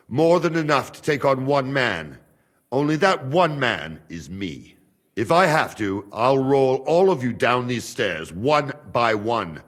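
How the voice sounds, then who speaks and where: An actor playing a burly male royal jailer in a video game cutscene, speaking slow, measured, broken English. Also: medium pitch, fairly bright tone. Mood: threatening.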